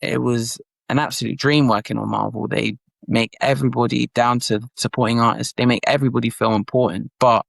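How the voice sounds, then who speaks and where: A young man who is an actor, talking casually in an interview with many fillers and lively retellings. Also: mid-range voice, fairly quick, vocal fry, few pauses, no room sound.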